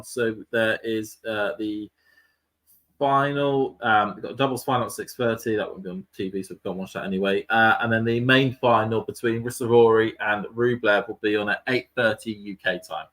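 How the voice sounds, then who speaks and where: A man's voice: mid-range voice, bright, forceful tone. A British man co-hosting a casual tennis watchalong, chatting loosely with plenty of fillers. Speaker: podcast co-host. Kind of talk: casual live watchalong chat.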